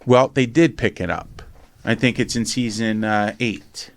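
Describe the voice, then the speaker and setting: A man telling a lively personal story in casual conversation, acting out other people's lines and swearing casually. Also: fairly low pitch, measured pace. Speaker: podcast host and memoir author.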